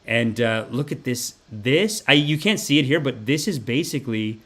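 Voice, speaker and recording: A man with a medium-pitched voice talks at a normal speed while hosting a live podcast. His casual livestream chat is animated and rambling, full of swearing and tangents.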